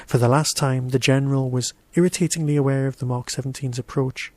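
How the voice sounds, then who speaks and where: A man's voice: medium pitch, steady tone, brisk, a little mellow, no echo. Man reading a short story, dry. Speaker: podcast host reading his story. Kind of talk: audiobook-style story narration.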